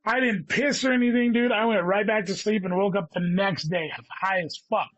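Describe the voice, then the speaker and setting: High-voiced man rambling with constant swearing. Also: steady tone, normal speed, a bit bright. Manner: rambling, heavy swearing, says "dude" constantly. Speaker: guest comedian. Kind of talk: casual storytelling chat. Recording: dull lo-fi sound.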